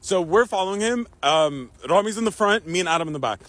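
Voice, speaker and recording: A young man casually telling a long personal story, animated, laughing and swearing as he goes. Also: sits high, fast, dry recording.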